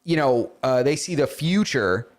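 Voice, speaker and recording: A man's voice: medium pitch, lively intonation, a little slow. A man co-hosting a casual podcast, chatting loosely and slipping into silly voices for jokes. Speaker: podcast co-host.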